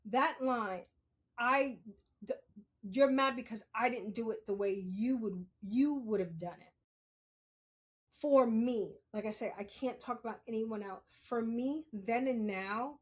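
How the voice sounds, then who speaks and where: A middle-aged woman hosting a podcast, talking candidly and bluntly, swearing freely and breaking into loud, laughing reenactments of old stories. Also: fairly high pitch. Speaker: podcast host. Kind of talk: candid casual monologue.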